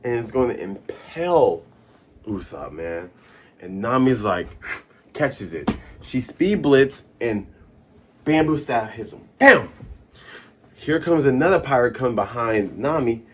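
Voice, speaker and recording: Host, man, husky voice, lively comic recap, sound effects on the fly. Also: mid-range voice, takes it slowly, long pauses. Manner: animated, doing sound effects and character voices.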